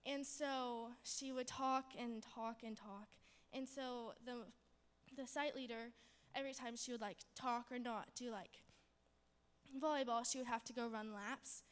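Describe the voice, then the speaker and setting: A woman's voice: on the high side, fairly even intonation, unhurried, smooth. A young woman giving a chapel testimony, bubbly and rambling, with lots of fillers. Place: chapel hall. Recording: long hall reverb.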